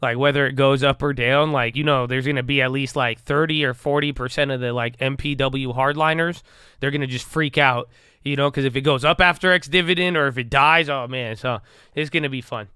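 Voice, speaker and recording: A man's voice: medium pitch, steady tone, fairly quick, bright, forceful tone, smooth, dry recording, clean studio sound. A man casually talking through stock moves on a livestream, rambling and joking, often trailing off into mumbles. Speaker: stock market livestream host. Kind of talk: casual live market commentary.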